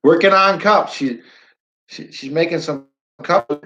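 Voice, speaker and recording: A man's voice: on the high side, a little slow, fairly bright tone, muffled recording. A man hosting a live stream, chatting casually with viewers, reading their comments aloud and repeating himself as he rambles.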